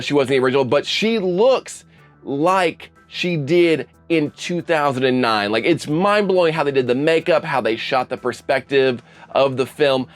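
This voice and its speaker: A young man giving a casual, animated horror movie review with sarcastic asides. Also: mid-range voice. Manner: animated, sarcastic asides with mocking put-on quotes. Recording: faint background music.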